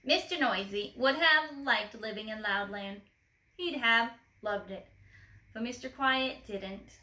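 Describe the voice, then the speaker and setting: A woman reading a children's storybook aloud expressively, gently asking the listener questions. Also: a little high, slow, echoey room, poor audio.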